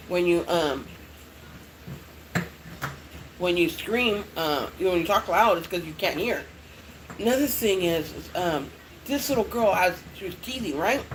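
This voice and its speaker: A woman's voice: lowish voice, slight background noise, low-quality recording. A middle-aged mother chatting casually to her viewers, rambling and swearing often. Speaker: vlogger. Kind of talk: casual chat.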